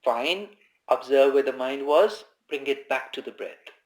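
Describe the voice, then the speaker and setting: A man giving informal spoken meditation instruction, calm and conversational, who repeats his key phrases. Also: medium pitch, unhurried. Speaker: meditation teacher. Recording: echoey room.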